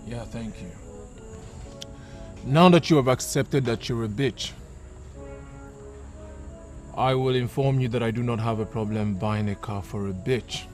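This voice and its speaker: Brief: man as condescending Nigerian rich man, mid-pitched, blunt. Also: measured pace, pauses often, a little mellow, soft background music, lightly acted. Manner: cold, condescending. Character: arrogant wealthy man, blunt and demeaning.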